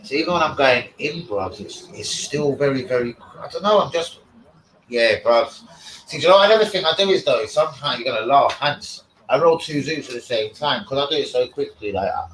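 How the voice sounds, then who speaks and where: A man's voice: medium pitch, animated, a little fast, a bit bright, slight background noise. A man, rambling and swearing in casual live-stream chat as the host. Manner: rambling, slangy, swears a lot. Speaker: livestream host. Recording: echoey room.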